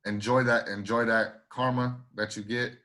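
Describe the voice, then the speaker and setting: In a relaxed podcast conversation, this co-host speaks with a mid-range, flat voice at a moderate pace that comes across pushed and bright. He's emphatic and profane, often starting over and saying things twice.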